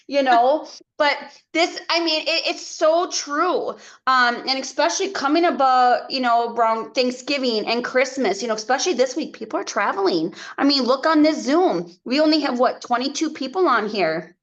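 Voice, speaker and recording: Woman team leader on a video call; encouraging, chatty, fairly high pitch. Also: lively intonation. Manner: chatty, encouraging, quick asides.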